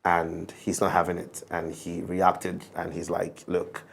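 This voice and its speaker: A man's voice: sits low, monotone, measured pace, gravelly, slightly rough. A man hosting a studio talk show, pressing his guest with repeated questions.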